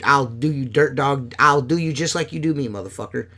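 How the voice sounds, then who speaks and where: A man's voice: medium pitch, moderate pace, pushed and bright. A man in casual podcast chat, profane and boisterous, laughing often. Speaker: podcast co-host.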